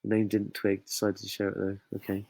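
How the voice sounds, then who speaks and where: A man's voice: on the low side, completely flat delivery, fairly quick, gravelly, darkish tone, no echo. A man from the UK hosting a casual live quiz, jokey and chatty as he reads out viewers' comments. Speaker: quiz host.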